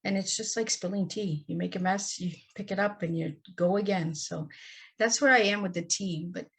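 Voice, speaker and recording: A woman's voice: mid-range voice, moderate pace, slightly rough. A woman guest on a podcast interview, telling her personal story in an earnest, heartfelt and candid way.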